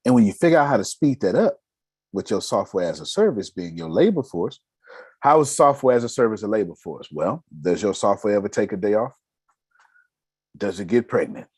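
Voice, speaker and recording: A raspy-voiced man giving a motivational business lesson, emphatic and casual, firing off rhetorical questions. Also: on the low side, lively intonation, fairly quick, darkish tone, no echo. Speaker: business mentor. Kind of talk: motivational teaching.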